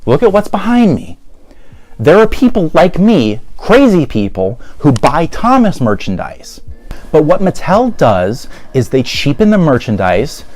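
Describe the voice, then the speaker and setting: Lively, sarcastic ranting man. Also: fairly high pitch, a little slow, faint music behind. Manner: sarcastic, exasperated, laughs often. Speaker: YouTuber. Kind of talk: ranting commentary.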